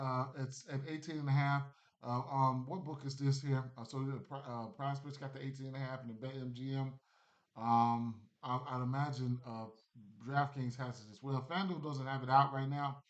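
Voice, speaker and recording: A man's voice: medium pitch, a bit bright. Rambling man on a lo-fi stream. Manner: rambling, loose, with many fillers and restarts. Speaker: sports betting streamer. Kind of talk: casual livestream chat. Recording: dull lo-fi stream audio.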